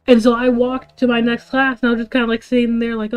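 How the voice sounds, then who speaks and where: Young woman streamer, rambly storyteller, higher voice, faint music underneath. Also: little pitch movement, fast, smooth, highs cut off. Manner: rambling, laughing, lots of "like" and "bro". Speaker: livestreamer. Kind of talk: casual storytelling to a live chat.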